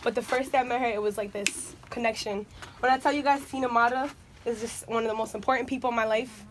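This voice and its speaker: A woman's voice: a little high, fairly even intonation, fast talker. A woman in her twenties giving a heartfelt birthday toast, close to tears and rambling with lots of "like" and "you know what I mean". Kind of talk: heartfelt party speech. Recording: noisy room.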